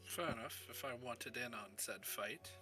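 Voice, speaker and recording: A man's voice: mid-range voice, moderate pace, bright, forceful tone, breathy edge, faint music behind. A man voicing a large, muscular male fighter in a casual, blunt way during a tabletop game. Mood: eager.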